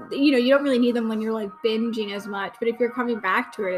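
A woman's voice: fairly high pitch, brisk, faint music behind. A young woman hosting a casual fan watch-along podcast, chatty and gushing, with lots of fillers. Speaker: podcast host giving watch-along commentary.

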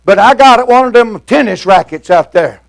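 Older guy preaching hard, real high gravelly voice, folksy, lots of uh's and shouting. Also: expressive, normal speed. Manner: shouting preaching cadence with frequent "uh" fillers; folksy, plain-spoken. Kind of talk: fiery sermon.

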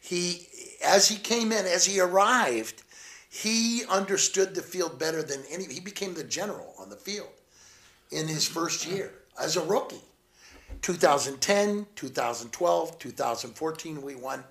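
Gravelly, animated storyteller man. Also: a little high, unhurried. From Southeast Missouri, US. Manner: lively, laughing storyteller. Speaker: motivational speaker and guest.

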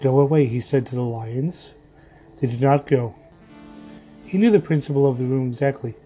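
A man narrating a story in a measured, dramatic reading style. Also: medium pitch. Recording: dull lo-fi audio with faint music.

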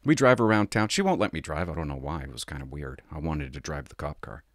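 A middle-aged man, a former police officer, telling a story from his work in a casual, animated way. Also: very deep voice, quick pace, no echo, studio quality. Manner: animated, acts out the people he quotes.

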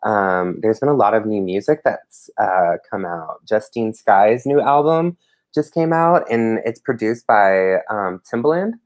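A woman with a very low voice, talking casually on a podcast. She rambles, filling pauses with ums and starting sentences over. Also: lively intonation, darkish tone. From Texas. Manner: rambling, many fillers and restarts. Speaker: podcast co-host. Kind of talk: casual chat.

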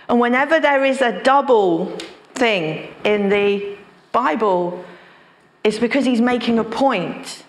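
Slow, emphatic woman pastor preaching. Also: a little high, reverberant. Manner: slow, emphatic, repeats phrases for stress. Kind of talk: sermon.

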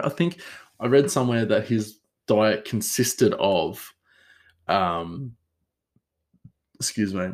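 A man with a fairly low voice talks alone on his podcast in a loose, rambling way. He stumbles through fillers and corrects himself as he goes. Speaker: podcast host. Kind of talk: casual solo chat.

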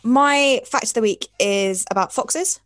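A woman's voice: a little high, measured pace, fairly bright tone, no room sound, studio quality. A young woman from England with a Portsmouth accent, co-hosting a casual podcast chat in a chatty, rambling, self-deprecating way. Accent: Portsmouth English. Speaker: podcast co-host.

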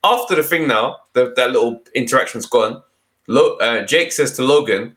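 A young man tells a story in casual chat, animated and quick to laugh as he acts out each voice in turn. His pitch sits in the middle, and he shifts his voice to quote the people he talks about.

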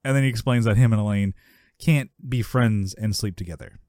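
Male podcast co-host, casual and animated, frequent laughs, mid-pitched, dry close sound. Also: brisk, no echo. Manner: animated, laughs often, acts out characters in a high yelling voice. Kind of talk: casual chat recapping a sitcom episode.

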